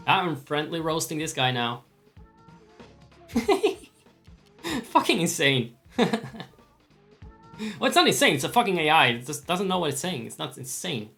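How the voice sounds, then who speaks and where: Male streamer, casual profane commentary, slightly strained throat, bright tone. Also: fairly high pitch, animated, unhurried, creaky, long pauses, faint music behind. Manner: profane, joking, laughing asides. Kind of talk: casual let's-play commentary.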